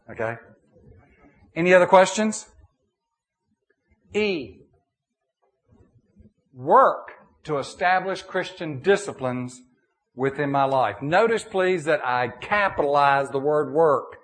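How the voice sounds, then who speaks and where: A middle-aged man preaching a sermon in a folksy, animated way, checking in with his listeners and answering their questions. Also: mid-range voice, unhurried, long pauses. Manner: animated, folksy, many restarts and "okay?" checks.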